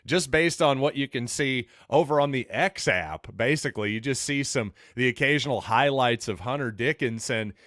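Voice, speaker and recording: A man's voice: medium pitch, moderate pace, few pauses, a bit bright, no echo, clean studio sound. A man hosting a solo sports podcast, talking in an opinionated, conversational and wry way.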